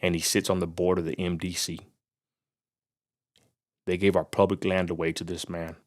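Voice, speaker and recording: A man's voice: low voice, level tone, moderate pace. A man from Texas delivering an angry, fired-up vlog rant, preacher-like and full of Southern turns of phrase. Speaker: vlogger. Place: outdoors near a roadside lot.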